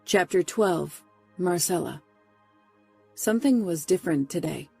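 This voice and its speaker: A woman narrating a first-person romance audiobook in a steady, close delivery. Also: on the low side, measured pace, vocal fry, husky, faint music behind.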